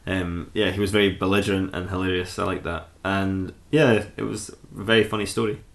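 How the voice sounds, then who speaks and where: Fast-talking man laughing. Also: sits low, flat delivery, gravelly. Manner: fast, enthusiastic, laughs often, swears casually. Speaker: podcast co-host. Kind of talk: casual chat.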